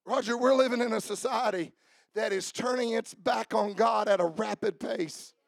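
Pastor, fiery sermon delivery, high gravelly voice, dry close sound. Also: male voice, moderate pace, dry recording. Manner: fiery preaching, swings from shouting to quiet asides.

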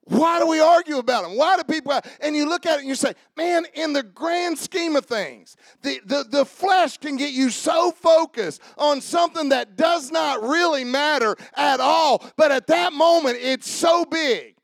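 High-voiced preacher, shouting and hushing. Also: male voice, normal speed, creaky, few pauses, no echo, studio quality. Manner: swings from shouted exhortation to hushed asides; repetitive call-and-response preaching. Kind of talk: sermon.

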